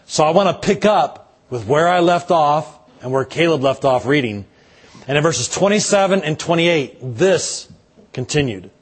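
A man, a pastor, delivering a slow, measured sermon with dramatic pauses and a husky voice. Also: fairly high pitch, lively intonation.

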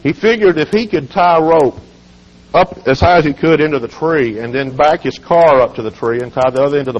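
A hoarse man with a cold, speaking as a guest at a children's home and telling humorous stories in a relaxed, folksy way. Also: mid-range voice. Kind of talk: folksy storytelling sermon. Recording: dull lo-fi recording.

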